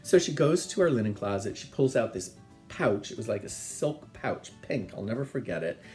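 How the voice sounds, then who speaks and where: A middle-aged man, the host, telling family stories in a chatty, animated way and laughing often. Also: fairly low pitch, normal speed, soft background music. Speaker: podcast host. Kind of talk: casual storytelling.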